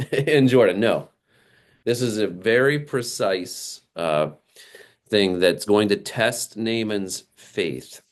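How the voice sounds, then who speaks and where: A man preaching a sermon, animated and acting out the people he quotes, with frequent small laughs. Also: low voice. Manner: animated, acts out quoted characters, laughs often. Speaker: pastor.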